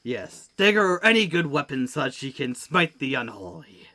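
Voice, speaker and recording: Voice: medium pitch, very animated, moderate pace, bright, forceful tone. Dry, polite tabletop game player. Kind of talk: casual tabletop game talk.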